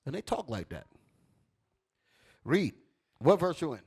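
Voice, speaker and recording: A man's voice: big pitch swings, unhurried, slightly rough. A man preaching a fiery sermon, commanding a reader to read verses and then expounding them. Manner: swings from low and quiet to loud and high. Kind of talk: street sermon with scripture reading.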